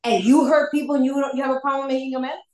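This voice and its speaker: A woman sharing at a recovery meeting tells her story candidly and laughs frequently, her words echoing around the room. She speaks at a racing pace in a high voice that stays steady in tone yet sounds somewhat dark.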